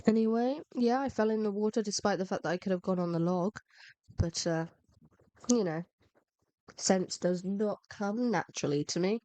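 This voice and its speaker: A woman's voice: medium pitch, normal speed, warm tone, dry recording. A woman, feeling unwell with a cold, giving casual, rambling, self-mocking commentary over gameplay. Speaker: gaming video narrator.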